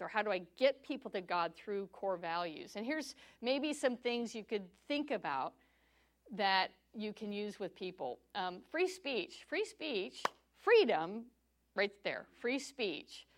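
A woman's voice: medium pitch, animated, a little slow. A woman leads a church class with a chatty storytelling manner. She laughs easily and slips into voices for the people she quotes, keeping her tone friendly and conversational. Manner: acts out dialogue in quoted voices. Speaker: church teacher. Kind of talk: teaching a church class on sharing faith.

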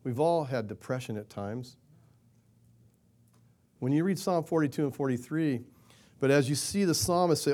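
A man preaching a sermon in a conversational way, asking rhetorical questions and acting out quoted prayers in a louder, higher voice. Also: moderate pace, pauses often. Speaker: pastor.

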